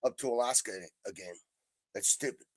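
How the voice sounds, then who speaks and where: A man's voice: medium pitch, brisk, a little hiss or hum. A man from the United States, bantering bluntly and swearing a lot in a casual chat.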